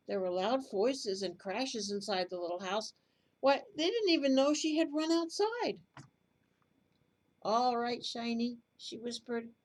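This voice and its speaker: A woman reading a children's bedtime story aloud in a gentle, expressive way. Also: a little high, low-quality recording.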